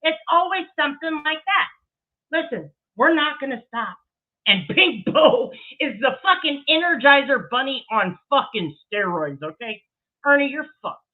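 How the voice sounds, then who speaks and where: A woman's voice: high-pitched, sing-song, unhurried. A woman giving a heated, profane commentary rant with emphatic delivery and laughing asides. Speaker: commentary streamer. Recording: tinny phone-like audio.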